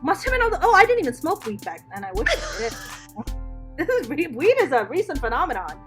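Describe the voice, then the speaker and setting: Bright, high-voiced, profane woman storyteller. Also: a little fast, soft background music. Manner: candid, profane, animated storyteller. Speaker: podcast guest, stand-up comedian. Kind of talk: casual interview storytelling.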